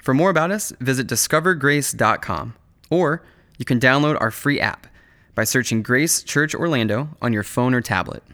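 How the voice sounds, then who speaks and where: A man announcing a recorded church message in an even, read style. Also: medium pitch, moderate pace, no room sound, clean studio sound.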